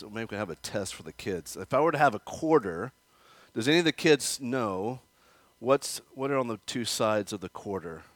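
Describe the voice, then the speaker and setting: A man's voice: medium pitch, no echo. Man preaching a conversational sermon. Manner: conversational, asks the congregation questions; acts out quoted voices with rising emphasis. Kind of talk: expository sermon. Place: church.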